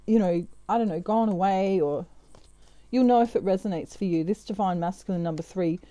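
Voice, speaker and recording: A woman's voice: medium pitch, brisk, mellow, no room sound. A woman giving a casual, chatty tarot reading, full of fillers and asides. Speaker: tarot reader.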